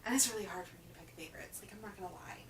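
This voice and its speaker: Racing along in a mid-range voice, a woman who reviews books talks through her reading wrap-up, stressing points by repeating words. The camera microphone picks her up from afar, leaving roomy audio and a slight hum.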